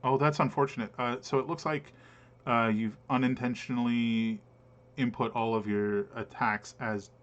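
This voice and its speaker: A man running an online tabletop game as game master, pausing often with fillers as he explains the rules. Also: medium pitch, fairly even intonation, dull audio, slight background noise. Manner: hesitant, many filler pauses while explaining rules.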